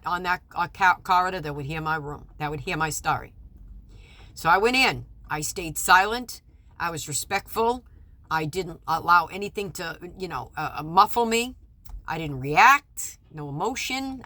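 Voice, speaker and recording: A woman giving personal testimony about a custody hearing, halting and restarting often, rising to indignation and dropping to quiet apology. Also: lowish voice, animated, dry recording. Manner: halting, with many restarts and stammered repeats; swings between loud indignation and quiet apology. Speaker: mother recounting a custody case.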